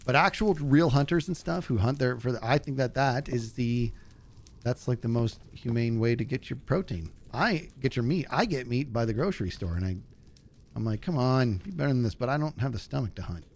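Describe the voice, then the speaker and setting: A man streaming a game, telling a story in a casual way and acting out the people in it with a higher voice, laughing often. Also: fairly quick, vocal fry. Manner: animated, acts out quotes in a higher voice, laughs often. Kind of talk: casual storytelling while gaming.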